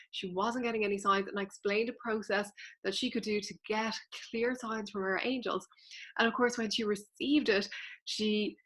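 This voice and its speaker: A woman's voice: a little high, a bit bright. A woman, a spiritual teacher explaining things earnestly and directly to her viewers in a casual vlog.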